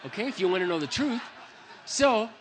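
Guy preaching a funny personal story into a mic, kinda high bright voice, pokes fun at himself. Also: a little fast, slight background noise. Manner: animated, humorous, self-deprecating storyteller. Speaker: Christian speaker.

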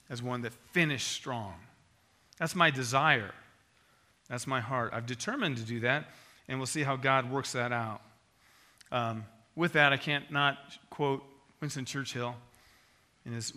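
Bright-voiced pastor preaching with emphasis. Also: male voice, mid-range voice. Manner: emphatic, repetitive exhortation with sudden swells in volume. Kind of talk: sermon with closing prayer.

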